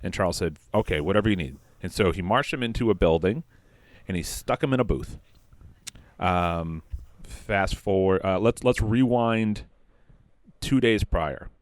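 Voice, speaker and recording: A man improvising a crude comic story on a podcast, rambling with many fillers and quick quoted voices. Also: sits low, no room sound. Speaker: comedy podcast host.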